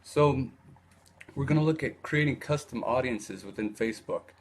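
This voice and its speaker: A man with a medium-pitched voice hosts a casual live video about online advertising, speaking at normal speed. His talk is loose, full of fillers and restarts, with slight background noise.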